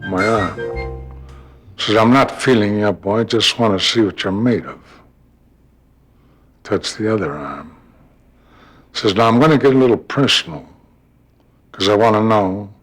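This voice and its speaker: An older man recounts his past in an animated, storytelling way, slipping into the voices of the people he quotes. His voice sits on the low side. Faint music plays beneath him. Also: breathy edge. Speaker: actor recalling his career. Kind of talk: storytelling interview.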